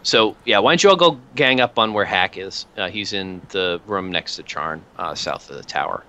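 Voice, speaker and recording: A man's voice: sits low, animated, normal speed, bright, forceful tone, slight background noise, rough recording. A man running a tabletop game as game master, narrating casually with lots of hesitations. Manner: casual, hesitant with many fillers.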